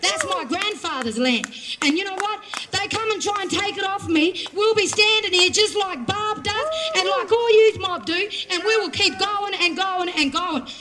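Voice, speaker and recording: A woman's voice: very high voice, normal speed. An Australian woman from Western Australia giving an impassioned, confrontational protest speech at an outdoor rally. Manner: forceful, confrontational, repetitive emphasis. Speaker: rally speaker. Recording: crowd noise around a rally. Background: crowd.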